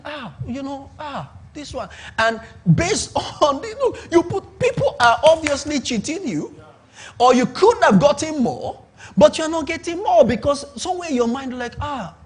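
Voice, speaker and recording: A middle-aged Nigerian man preaching a sermon on business, emphatic and repetitive, checking in with his audience. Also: very high voice. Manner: emphatic, repeats points and asks the audience to confirm. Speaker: pastor.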